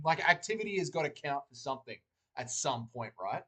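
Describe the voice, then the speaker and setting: A man's voice: fairly high pitch, lively intonation, unhurried, creaky, pauses often, bright, forceful tone, husky. A man hosting a casual livestream, joking and rambling while reading chat aloud from a desk mic. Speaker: livestream host.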